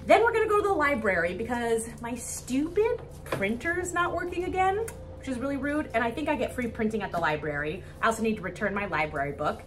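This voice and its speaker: A young woman vlogging casually to camera, bubbly and gushing with excitement. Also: on the high side, a little fast, distant mic, noisy background. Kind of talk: casual vlog talk to camera.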